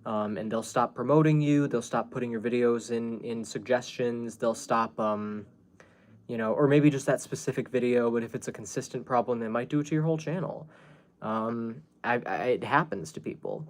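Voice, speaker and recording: At a moderate pace and medium pitch, a man hosts a casual YouTube livestream from home. He rambles to his viewers with many fillers and restarts.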